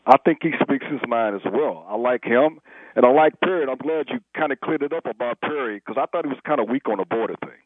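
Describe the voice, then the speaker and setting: A man's voice: mid-range voice, fast talker, no room sound. A man calling in to a radio show, talking casually and a little hesitantly. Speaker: caller. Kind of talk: call-in radio chat. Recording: tinny phone line.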